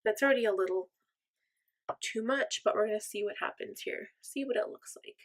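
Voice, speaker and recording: Talking fairly quickly in a mid-range voice, a young vlogger chats through her makeup routine. The tone is casual, bubbly, and self-deprecating.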